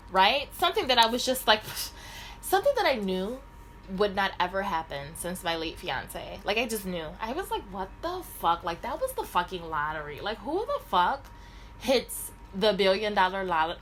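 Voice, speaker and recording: A woman's voice: medium pitch, rough recording. Middle aged woman rambling and swearing a lot, voice jumps all over, bit of room hum. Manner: profane, rambling, animated. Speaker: vlogger. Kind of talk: casual storytime monologue.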